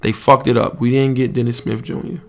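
A man's voice: mid-range voice, little pitch movement, a little fast, a little mellow. A man with a New York accent hosting a casual sports podcast, ranting in a profane, rambling way with many restarts. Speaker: podcast host.

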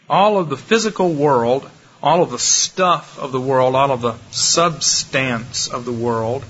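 A man giving a sermon-style lecture, demonstrative, shifting his pace and loudness to make points. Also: on the high side, slight background noise. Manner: demonstrative, lively delivery with varied pace and loudness. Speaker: preacher. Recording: muffled lo-fi recording with faint ambience.

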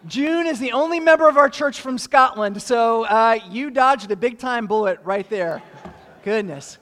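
A man's voice: very high voice, unhurried, bright, forceful tone, in a large hall. A man preaching a sermon as pastor, joking dryly in asides and then stacking earnest rhetorical questions.

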